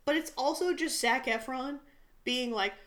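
A young woman co-hosting a podcast, telling stories in a casual, animated way, swearing and acting out what people said. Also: high-pitched, a little slow. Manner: animated, swearing, acts out quotes. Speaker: podcast co-host. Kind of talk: casual storytelling chat.

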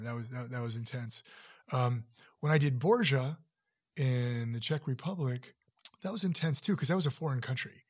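A middle-aged man, an actor and producer, telling stories in a relaxed interview with a deep, soothing voice. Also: normal speed. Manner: relaxed storyteller with many fillers and restarts. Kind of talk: casual interview chat.

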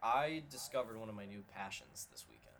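A man co-hosting a podcast, telling a lively story in casual chat. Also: fairly low pitch, fairly quick. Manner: animated storytelling, often quoting others. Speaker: podcast co-host.

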